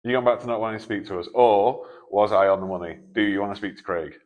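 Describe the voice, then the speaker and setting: On a night ghost hunt in a canal tunnel, a male host chats casually, joking, swearing liberally and addressing a spirit. His lowish voice is fast and a little mellow, with no echo, though the recording sounds muffled.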